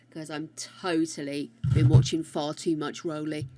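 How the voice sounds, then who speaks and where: A woman chatting casually with her live-stream viewers on a close mic, loud and rambling, greeting people by name. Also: low voice, steady tone, moderate pace, very noisy.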